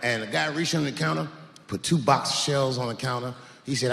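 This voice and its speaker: A man in his forties doing a stand-up comedy routine, telling drawling stories that swing between low mutters and sudden high, incredulous yelps. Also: fairly quick, vocal fry, a bit bright. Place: large theater stage with live audience. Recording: live theater recording with hall reverb.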